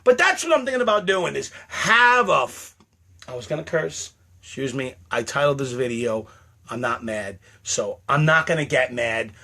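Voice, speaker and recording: A man's voice: medium pitch, expressive, normal speed, bright, forceful tone. A man, a comedian, in a comic rant to camera, mock-indignant and exaggerated, repeating phrases over and over.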